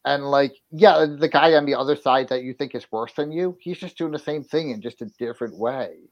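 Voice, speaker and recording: A man's voice: mid-range voice, brisk, muffled recording. A man in casual podcast chat, speaking in a hesitant, thoughtful way with many fillers.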